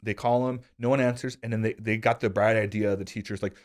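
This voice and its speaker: A man in his thirties with a fairly low voice, chatting casually on a podcast. He tells stories animatedly, pitching way up when he acts out what he said as a kid. His tone stays loose and self-deprecating, full of fillers. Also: quick pace. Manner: animated storyteller, jumps to high excited pitch when quoting himself. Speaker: podcast host. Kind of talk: casual conversational storytelling.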